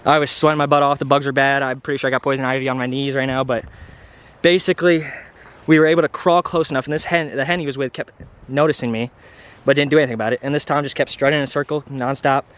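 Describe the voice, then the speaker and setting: Breathless excited young man outdoors. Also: medium pitch, fast talker, clear, resonant tone. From Iowa. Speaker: hunting vlogger. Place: outdoors in a field.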